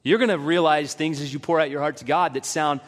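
A middle-aged man, a pastor, preaching a sermon and acting out the voices of people he quotes with animated intensity. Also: fairly high pitch, fairly quick. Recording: long reverb in a large hall.

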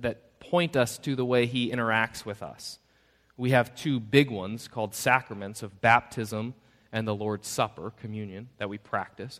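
A man's voice: mid-range voice, a bit bright. A man preaching a sermon as pastor, conversational and self-deprecating, acting out the voices he quotes. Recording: long reverb of a church hall.

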